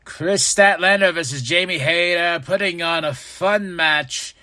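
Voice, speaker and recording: Brief: upbeat male podcast host, slightly high voice, bright and lively, dry close recording, acts out quotes. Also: measured pace, dry recording. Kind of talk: casual wrestling recap.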